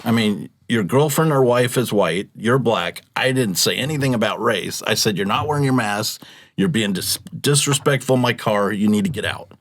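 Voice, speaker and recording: A chatty man in his fifties with a fairly low voice tells stories in a casual, laughing way. He acts out what people said, and the sound is dry and close. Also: expressive, moderate pace, no echo. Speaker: podcast guest, rideshare driver. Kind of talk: casual storytelling.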